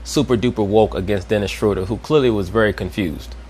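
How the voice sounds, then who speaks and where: Low-voiced man lecturing on word origins. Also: brisk, a little mellow, a little hiss or hum. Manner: didactic, repeats "you understand?". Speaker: commentator. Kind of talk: lecturing commentary.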